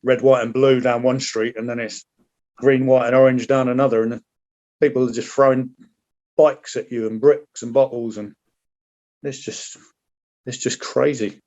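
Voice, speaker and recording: Pausing often at a normal speed, a middle-aged ex-soldier tells war stories as a podcast guest in a mid-range, slightly mellow voice with fairly even intonation. His casual storytelling is blunt and laced with swearing, and he acts out quoted lines; the lo-fi recording is a bit dull.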